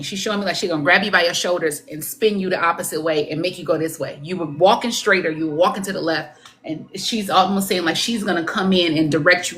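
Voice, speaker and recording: A woman working as a psychic medium on a live stream, pausing and searching for words as she relays messages, then jumping up in pitch when quoting. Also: a bit bright. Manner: halting, searching for words, coaxing; relays messages with swoops up into quoted speech. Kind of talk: live-stream spirit reading.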